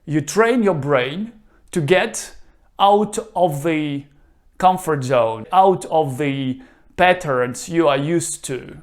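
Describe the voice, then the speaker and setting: A man teaching a reading lesson, pronouncing each word slowly and leaving gaps for the listener to repeat. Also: a little high. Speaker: Russian language teacher. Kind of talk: slow, careful language lesson.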